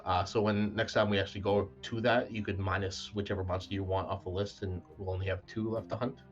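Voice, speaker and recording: A man's voice: low-pitched, level tone, quick pace, lo-fi sound, soft background music. A man narrating a tabletop game as game master in a casual, filler-heavy way.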